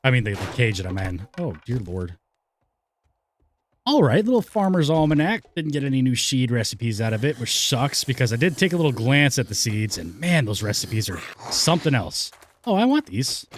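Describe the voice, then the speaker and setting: A man casually commentating his own gameplay, rambling and joking to himself with sudden excited whoops. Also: mid-range voice, a little fast, hardly any pauses, slight background noise. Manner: jokey, rambling, talks to himself and the game; lively swings from mumbles to excited whoops. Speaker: let's play gamer.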